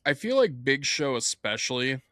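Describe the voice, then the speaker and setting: A man's voice: mid-range voice, big pitch swings, normal speed, fairly bright tone, no echo, clean studio sound. A man co-hosting a podcast in casual chat, listening and chiming in with short agreeing replies. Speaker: podcast co-host.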